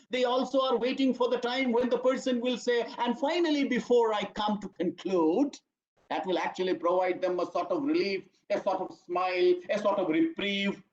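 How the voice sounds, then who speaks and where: An emphatic lecturer keeps repeating key points and calling listeners "my dear friends." The voice sits at a middle pitch. It comes through a dull, lo-fi recording with a roomy echo. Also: a little mellow. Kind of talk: online training lecture. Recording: echoey room, dull lo-fi audio.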